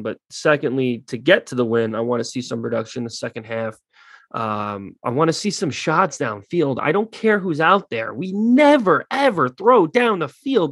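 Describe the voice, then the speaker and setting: A man's voice: mid-range voice, fairly bright tone, dry recording. A man ranting bluntly in casual sports talk, swearing freely and getting heated. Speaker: podcast co-host.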